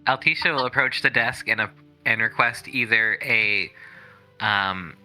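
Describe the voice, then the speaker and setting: A man's voice: on the low side, a little slow, sharp tone, soft background music, low-quality recording. A man playing a tabletop game, describing his character's actions in detail with fillers. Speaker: player. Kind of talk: casual tabletop play.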